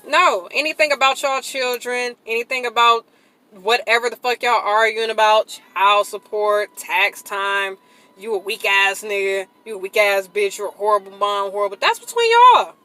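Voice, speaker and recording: A woman speaking to camera in a blunt, profane, emphatic rant, swinging into loud outbursts. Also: fairly high pitch, moderate pace, poor audio. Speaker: vlogger. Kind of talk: casual venting monologue.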